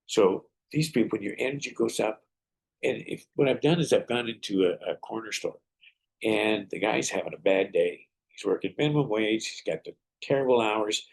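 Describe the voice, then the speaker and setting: Gravelly, husky man giving earnest advice. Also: on the low side, moderate pace, a little mellow. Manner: storytelling, earnest, preacherly advice. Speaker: podcast host and martial arts teacher. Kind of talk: motivational podcast monologue.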